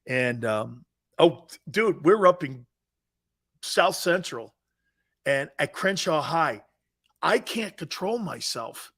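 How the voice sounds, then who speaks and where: A middle-aged man hosting a sports talk show, telling self-mocking stories in a lively, animated way. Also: on the high side, takes it slowly, pauses often.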